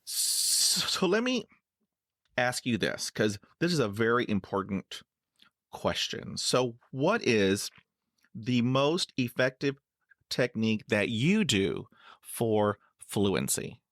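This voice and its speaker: A man's voice: mid-range voice, big pitch swings, takes it slowly, a bit bright, no echo, clean studio sound. A middle-aged man hosting an interview podcast, stuttering with blocks and repeated sounds, and filling his talk with "you know". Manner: many "you know" fillers, laughs easily. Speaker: podcast host. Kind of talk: casual conversational interview.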